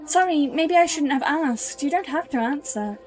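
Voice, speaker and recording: A woman voicing a gentle young woman who apologizes and soothes a caller, over faint music. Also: high voice, moderate pace, natural voice. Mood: apologetic. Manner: soft, apologetic, calming.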